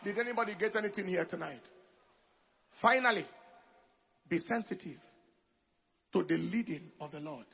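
A man preaching a sermon as pastor, swinging from quiet talk to loud calls for the congregation to answer. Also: high voice, moderate pace, vocal fry, pauses often, husky, muffled recording.

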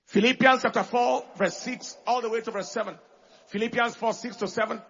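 Preacher guy with a high husky voice, goes quiet then loud, calls for amens, muffled lo-fi sound. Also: steady tone, brisk. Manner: preaching with call-and-response, swinging from quiet to loud. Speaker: pastor. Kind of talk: sermon.

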